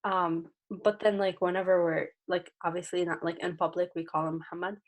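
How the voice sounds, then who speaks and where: A woman's voice: fairly low pitch, steady tone, a little fast. A woman in the audience asking a question hesitantly, with many fillers. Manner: hesitant, lots of "like".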